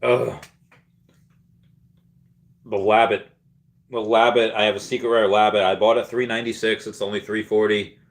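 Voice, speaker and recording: A man's voice: on the low side, little pitch movement, fast talker. A young man hosting a casual livestream, rambling as he reads viewer comments aloud and mimics people he quotes. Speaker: livestream host.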